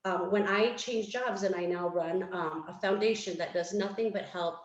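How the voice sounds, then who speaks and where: A woman on a fundraising panel, telling her story in a candid, animated way and acting out what others said. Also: mid-range voice, moderate pace, roomy sound, dull audio. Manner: animated, candid, acts out quotes. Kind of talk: panel talk, casual storytelling.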